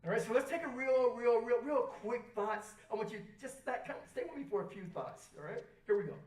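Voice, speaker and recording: A woman's voice: fairly high pitch, expressive, brisk, darkish tone. A woman speaking at a rally, coaching the audience and asking them to repeat her lines. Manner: repetitive, coaching, has the crowd repeat lines. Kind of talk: motivational talk to an audience. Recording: echoey hall, voice far from the mic.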